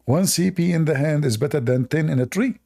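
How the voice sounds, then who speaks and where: A man's voice: a little high, fairly quick, creaky, warm tone. A man with a non-native English accent hosting a livestream and giving sarcastic, mocking commentary. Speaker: livestream debate host.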